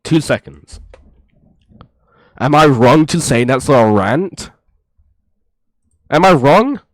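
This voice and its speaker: Guy ranting about clips, exasperated and rambly, slow talker, dry cheap mic. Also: mid-range voice, expressive, no room sound. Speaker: reaction streamer. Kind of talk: casual reaction commentary. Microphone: low-quality mic.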